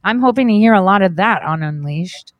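A woman's voice: mid-range voice, animated, a little fast, dry recording, narrow, tinny audio. Chatty woman asking rhetorical questions. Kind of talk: casual political talk.

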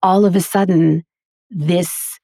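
A middle-aged woman with a deep voice and a gravelly fry talks with earnest, emphatic conviction. She sounds like a teacher sharing her craft in a casual podcast chat. The sound is close and dry, with no room echo. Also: fairly even intonation, takes it slowly, mellow. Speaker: voiceover artist and teacher as guest.

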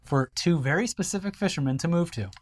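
A man's voice: fairly high pitch, expressive, a little fast. A man co-hosting a comedy news podcast, cracking dry jokes and telling rambling stories. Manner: dry wisecracks and rambling anecdotes. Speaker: podcast co-host. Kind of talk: casual comedic news banter.

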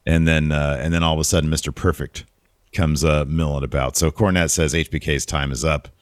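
Male podcast co-host, low voice, animated and profane, dry close sound. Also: dry recording. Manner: animated, profane, quick asides. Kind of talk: casual wrestling review chat.

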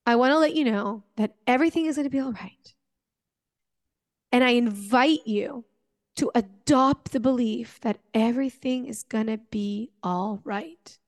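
A woman's voice: a little high, big-room sound. A young adult woman hosting a podcast, telling a personal story to her listeners in an earnest, emotional way, with many fillers. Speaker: podcast host.

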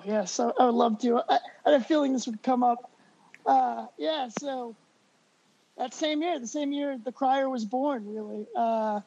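A man, a podcast guest, telling stories in a casual, animated way and laughing as he goes. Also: extremely high pitch. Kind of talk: casual storytelling. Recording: dull lo-fi recording.

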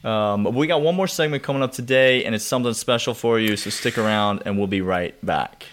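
A man's voice: on the low side, a little fast, slight background noise. A man co-hosting a sports podcast in casual chat, ribbing the others with mock outrage and wrapping up segments. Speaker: podcast co-host.

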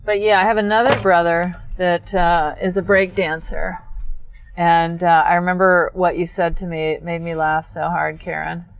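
A middle-aged woman telling stories in a dry, understated way, pausing often on ums in casual chat. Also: fairly low pitch, flat delivery, no room sound, low-quality recording. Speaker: guest.

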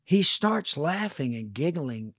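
A man in his sixties, an actor guest, telling animated stories in a casual podcast interview, sometimes swearing. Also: a little high, slow, no room sound, studio quality. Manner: animated storyteller, swearing, acts out quotes. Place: podcast studio. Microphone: studio headphones and mic.

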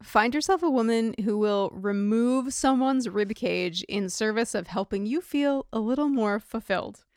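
A woman co-hosting a podcast who chats casually and drops wry asides and dry corrections. Her voice is slightly high and smooth. The close mic leaves it dry. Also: normal speed, darkish tone, no echo. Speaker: podcast co-host. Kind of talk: casual chat.

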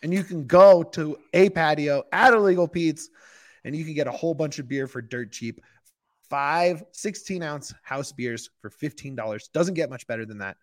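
A man's voice: fairly high pitch, moderate pace. A man co-hosting a sports podcast, reading a sponsor ad in a casual, giggly, enthusiastic way. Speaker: podcast co-host. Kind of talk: casual ad read.

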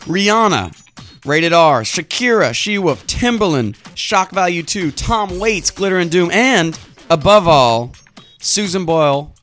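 An eager young man co-hosting a chatty podcast, rattling off items with hyped enthusiasm. His voice sits a bit higher than most men's, with faint music running underneath. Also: expressive, measured pace, fairly bright tone. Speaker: podcast co-host. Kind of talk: casual chat, reading a music release list.

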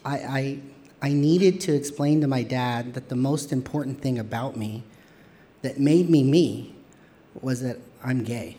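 A man telling a personal story on stage, expressive and playful with self-mocking humor. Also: medium pitch, unhurried.

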